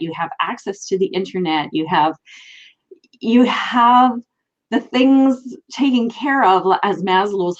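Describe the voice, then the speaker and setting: An earnest, reflective woman hosting a live talk show. Her voice has a middle pitch. The sound comes through a little dull and lo-fi. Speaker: host.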